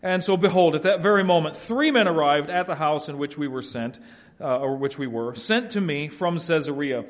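A man preaching an expository sermon, shifting between quiet, folksy asides and loud, emphatic passages. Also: a little high, moderate pace. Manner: folksy family anecdotes, laughs at own stories. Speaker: pastor.

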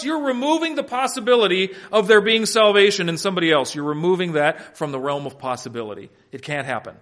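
A man preaching a sermon as pastor, swinging between loud, emphatic points and quiet asides, and explaining Greek wording in a teacherly way. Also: high voice, animated, quick pace, hardly any pauses.

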